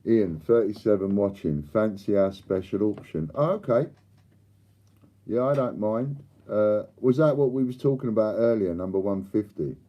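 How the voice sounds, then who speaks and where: A man's voice: on the low side, moderate pace, mellow. An older man hosting a live stream, chatting and bantering with viewers and reading out their comments. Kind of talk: casual chat to live viewers.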